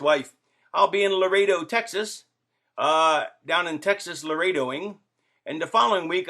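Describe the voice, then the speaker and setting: A man's voice: on the high side, bright, forceful tone. Rambling jokey man vlogging to camera. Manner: rambling, jokey, full of fillers and asides. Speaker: wrestler vlogging to fans. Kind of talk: rambling casual vlog. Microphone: camera facing the speaker.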